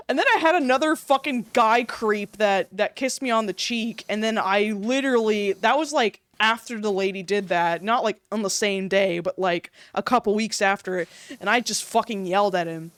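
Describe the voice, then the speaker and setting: A young woman streamer telling stories in casual livestream chat, animated, swearing freely and laughing often. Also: medium pitch, moderate pace, hardly any pauses, dry recording.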